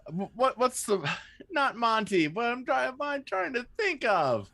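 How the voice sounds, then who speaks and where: A man in a casual chat, wry and slow, searching for words. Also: very high voice, big pitch swings, gravelly, pushed and bright.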